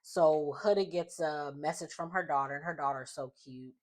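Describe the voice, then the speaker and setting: A woman's voice: low-pitched, normal speed, darkish tone. A woman casually recapping a reality show, rambling with lots of fillers and frequent laughs.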